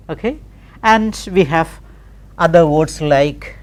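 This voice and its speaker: A woman's voice: lowish voice, animated, unhurried, a little mellow. A middle-aged woman teaching pronunciation, spelling words out letter by letter and repeating them carefully. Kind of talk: slow recorded classroom lesson.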